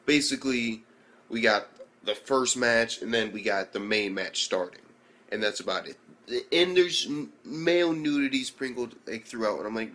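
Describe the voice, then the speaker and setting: A man's voice: mid-range voice, expressive, moderate pace, sharp tone. A man giving a casual, rambling video review of an anime, swearing constantly and acting out the scenes as he goes. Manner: profane, rambling, acts out scenes.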